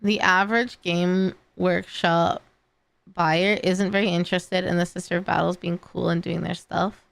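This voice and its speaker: A woman's voice: fairly low pitch, level tone, moderate pace, gravelly, no room sound. A young woman chatting casually on a live stream, tired and rambling, with many fillers and restarts. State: tired and yawning. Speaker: streamer reacting to videos and chat.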